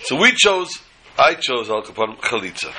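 A man's voice: mid-range voice, big pitch swings, normal speed, sharp tone, slight background noise, low-quality recording. An older man teaching a Torah class, mixing teaching with jokes and storytelling asides.

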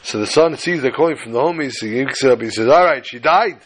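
A man telling a story to a class in a lively way, repeating phrases and mixing in Yiddish and Hebrew terms. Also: mid-range voice, quick pace, slightly rough, rough recording.

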